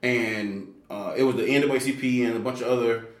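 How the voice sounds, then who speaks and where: Fast-talking animated male storyteller. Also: reverberant. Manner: animated, acts out quoted people with big pitch jumps; fillers and restarts, slangy. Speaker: guest telling his story. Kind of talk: casual conversational storytelling.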